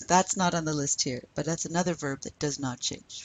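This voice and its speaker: A woman teaching French in a recorded lecture, slowly modelling pronunciation for students to repeat. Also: deep voice.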